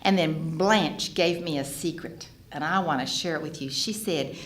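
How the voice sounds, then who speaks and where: A woman's voice: sits low, moderate pace. A middle-aged woman, sharing her recovery story at a fellowship gathering and acting out the other people's voices with strong feeling. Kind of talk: personal testimony at a fellowship gathering. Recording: echoey hall with faint background noise.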